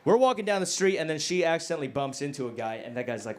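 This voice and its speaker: A male stand-up comedian doing a crude, self-mocking set, dropping to low mumbles and then bursting out loud. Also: very animated, quick pace. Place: comedy club stage. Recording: live club recording with noticeable background noise. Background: audience laughter.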